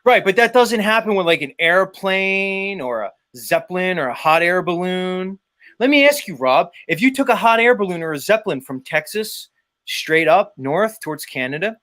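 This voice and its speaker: A man's voice: high voice, animated, normal speed, fairly bright tone. A man hosting a live stream, ranting and taunting a rival with profanity. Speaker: livestream host. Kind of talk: ranting commentary.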